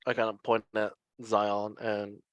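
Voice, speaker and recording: A man's voice: fairly low pitch, level tone, measured pace, dry recording, highs cut off. A man playing a character in a tabletop game, talking casually and a bit rambling. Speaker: player.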